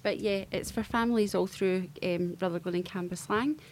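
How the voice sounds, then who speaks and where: A woman's voice: medium pitch, moderate pace, darkish tone, a little hiss or hum. A woman, a charity project worker, answering radio interview questions in an easygoing way with many ums.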